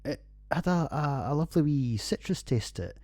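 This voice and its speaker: A man's voice: a little high, expressive, moderate pace, darkish tone, no echo. A Scottish man in his forties hosting a podcast, reviewing beers in a rambling, sweary, casual monologue and laughing at his own jokes. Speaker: podcast host. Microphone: computer recording.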